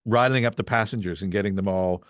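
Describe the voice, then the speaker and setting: Low-voiced rambling man, dry sound. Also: fast talker, no echo. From Canada. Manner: rambling, storytelling with acted-out quotes. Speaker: guest voice actor. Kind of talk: casual podcast chat.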